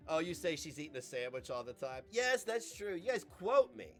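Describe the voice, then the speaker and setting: Male streamer, slightly high voice, very lively pitch, joking with chat, laughing, faint music behind. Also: brisk. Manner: loose, joking, laughing often, reading chat aloud. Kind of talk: casual live-stream chat.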